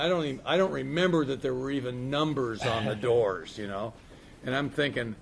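A middle-aged man candidly tells his recovery story, rambling and saying "man" and "you know" a lot. His medium-pitched voice has vocal fry, and there's a little hiss or hum in the recording.

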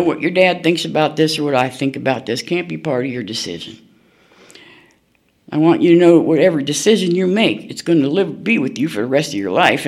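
Gravelly older woman, blunt folksy storyteller. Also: low-pitched. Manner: blunt, folksy, candid, laughs at herself. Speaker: recovery meeting speaker. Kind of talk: personal storytelling share.

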